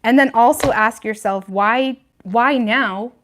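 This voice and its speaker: A woman's voice: on the high side, slow, a bit bright. A woman giving a casual livestream tarot reading, chatty and frank, with lots of "like" and "you know what I mean," laughing between points. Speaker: tarot reader.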